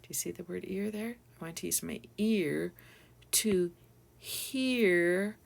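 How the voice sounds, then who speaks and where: Slow, gravelly-voiced woman teaching phonics. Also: lowish voice. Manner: patient, sounds out letters and syllables one by one. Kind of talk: slow phonics lesson for young children.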